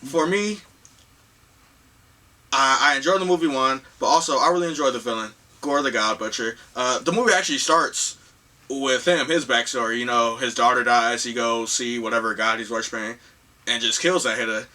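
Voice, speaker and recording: A man co-hosting a casual movie review chat, teasing and quick to laugh and correct his co-host. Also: mid-range voice, bright, forceful tone, distant mic.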